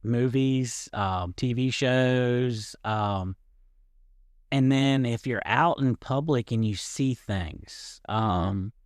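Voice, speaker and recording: A man's voice: mid-range voice, very slow, no echo. Man, faith podcast host, conversational, um-filled, dry room. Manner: earnest, conversational, frequent ums and likes. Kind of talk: casual faith podcast chat.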